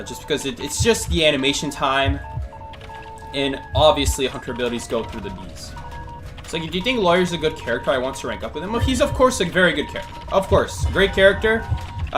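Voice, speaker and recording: Man streaming live gameplay, slightly high voice. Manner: thinks aloud, answers chat, many fillers. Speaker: game streamer.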